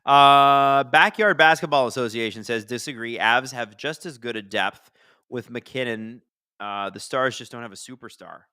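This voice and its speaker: Bright-voiced man chatting about hockey live. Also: medium pitch, normal speed, clear, resonant tone, no echo, studio quality. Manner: chatty, rambling, answers chat questions; bursts into excited shouts at big plays. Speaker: hockey livestream host. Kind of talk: casual live watch-along commentary.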